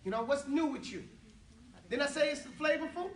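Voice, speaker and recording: Rich: A playful man leads an Arabic class, cracking jokes as he drills phrases with the students. His voice sits high, and the room answers with a roomy echo. He is heard from some distance. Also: lively intonation, fairly quick. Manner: playful, joking, switching between English and Arabic. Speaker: Arabic teacher. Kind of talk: lively classroom teaching.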